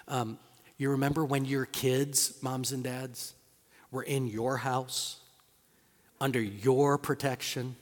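A middle-aged male pastor preaching a sermon in a conversational style, firing rhetorical questions and moving between emphatic points and hushed asides. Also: medium pitch. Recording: long reverb of a large hall.

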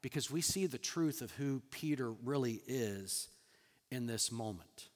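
A man preaching a sermon as a pastor, animated, acting out quoted lines with sudden loud bursts and soft drops. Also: mid-range voice, a little slow, big-room sound.

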